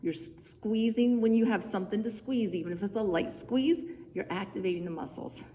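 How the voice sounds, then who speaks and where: A woman's voice: mid-range voice, a little fast, warm tone. A woman fitness instructor talking viewers through simple home exercises, chatty and encouraging, a bit out of breath from moving along with them. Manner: encouraging, chatty, cueing moves step by step. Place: church room, indoors. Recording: reverberant room with faint background noise.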